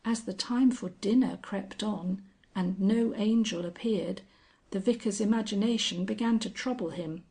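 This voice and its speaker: A woman reading a classic story aloud in a measured, unhurried narration. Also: medium pitch, mellow, breathy edge.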